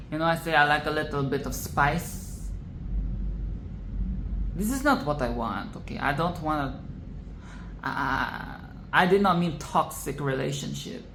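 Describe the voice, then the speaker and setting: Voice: mid-range voice, fairly bright tone. A vlogger ranting about a film in casual commentary, swearing, exasperated and repeating phrases for emphasis. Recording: echoey room with faint background noise.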